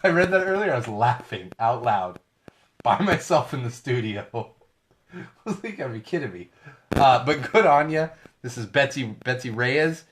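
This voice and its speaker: A middle-aged man talks casually into a studio mic for his podcast. His voice is starting to go hoarse, and he rambles, stops, and corrects himself mid-sentence in an easy, unscripted way. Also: mid-range voice, sing-song, a little slow, fairly bright tone, slight background noise. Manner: rambling, chatty, self-correcting asides. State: losing his voice. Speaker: podcast host. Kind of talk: casual solo podcast talk.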